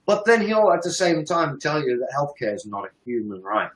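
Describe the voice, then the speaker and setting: A man's voice: fairly high pitch, big pitch swings, brisk, echoey room, rough recording. A British man giving sarcastic, profane political commentary on a livestream, mocking and emphatic. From United Kingdom.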